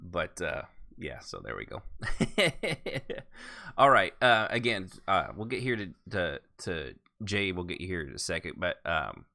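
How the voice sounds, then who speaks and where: Brief: low-voiced man hosting a loose podcast chat, animated, self-deprecating. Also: a little slow, creaky. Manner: rambling, self-deprecating, loses his place. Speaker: podcast host.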